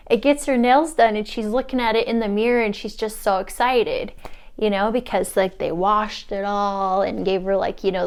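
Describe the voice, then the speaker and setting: A young woman, a spiritual mentor, casually telling a story to the camera and acting out the quoted lines with big jumps in her voice. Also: a little mellow. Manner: chatty, acts out quotes with big pitch jumps and laughs.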